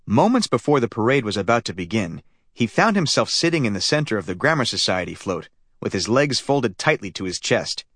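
Male audiobook narrator, animated storytelling, dry studio. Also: lowish voice, a little fast, slightly rough, no room sound. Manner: lively storytelling. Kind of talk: scripted narration.

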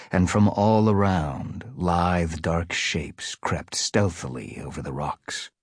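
A man narrating an audiobook, dramatic and hushed in the quiet passages, recorded close on a studio mic. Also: low voice, breathy edge, no room sound. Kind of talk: scripted narration.

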